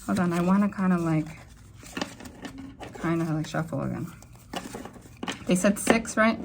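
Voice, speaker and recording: Rambling, excitable tarot reader woman. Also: a little slow, vocal fry, background noise. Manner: emotional, rambling, excitable with sudden jumps in pitch. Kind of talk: casual tarot reading to camera.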